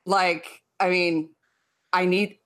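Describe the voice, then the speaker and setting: A woman's voice: on the low side, little pitch movement, slow pace, a bit bright, smooth. A woman co-hosting a podcast in a crude chat, giggling, swearing and stammering as she talks. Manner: giggly, foul-mouthed, stammers. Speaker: podcast co-host.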